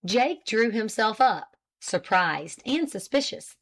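Woman narrator with a medium voice, steady, measured audiobook reading. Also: medium pitch.

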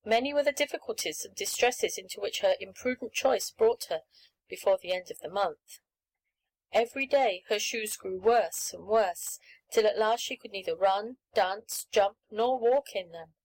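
A woman narrating a classic children's story in a clear, even, unhurried reading. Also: mid-range voice, low-quality recording.

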